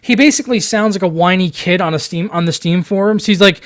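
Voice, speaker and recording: A man co-hosting a casual tech news show, animated and mocking, often repeating his words. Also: sits high, fast, hardly any pauses. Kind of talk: casual tech podcast chat.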